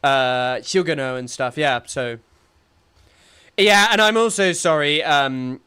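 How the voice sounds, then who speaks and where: A man's voice: a little high, slow, bright, forceful tone, clear, resonant tone. Rambling young man streaming. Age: young adult. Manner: rambling, sarcastic, frequent restarts and fillers. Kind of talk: casual live-stream commentary.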